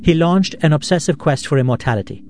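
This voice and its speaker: Podcast host, male, slightly high voice, calm storytelling over soft music. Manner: measured, reflective storytelling. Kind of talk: scripted narration.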